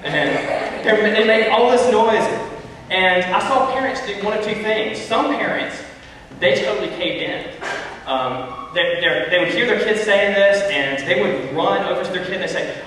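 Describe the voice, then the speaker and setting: A man gives a storytelling Bible talk to children, chatting and asking them questions as he goes. His voice sits a bit high and comes from a distance. A long, roomy echo fills the church hall around him, with a faint hiss underneath. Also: lively intonation, measured pace, fairly bright tone. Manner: storytelling, conversational, addresses kids. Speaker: youth speaker. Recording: echoey hall, far from mic.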